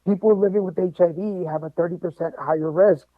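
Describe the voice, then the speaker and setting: A man telling a personal story as a podcast guest, animated and joking along the way. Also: high-pitched, a little fast, no echo. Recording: tinny phone-like line, dry.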